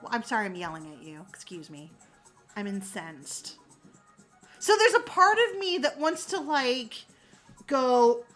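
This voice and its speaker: A woman in her forties chatting casually on a livestream, reading comments aloud with animated, sarcastic asides. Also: sits high, unhurried, faint music behind. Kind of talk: casual chat.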